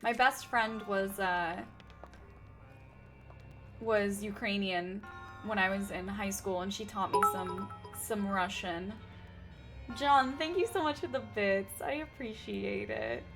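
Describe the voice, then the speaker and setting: A woman's voice: mid-range voice, fairly bright tone. A woman streaming a game, chatting casually with her viewers and thinking aloud, nursing a slightly sore throat. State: sore throat, sipping tea. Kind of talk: casual game livestream chat.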